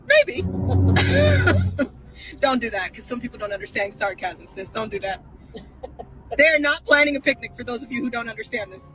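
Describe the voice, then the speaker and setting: A woman hosting a live stream with a high, very animated voice that jumps around as she fires off incredulous rhetorical questions. She laughs often and talks in a loose, casual way. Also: low-quality recording.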